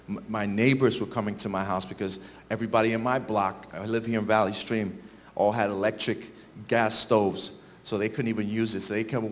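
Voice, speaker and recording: A man giving an earnest, halting testimony in church, stumbling and restarting as he speaks. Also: on the low side, big-room sound, slight background noise. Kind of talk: personal testimony.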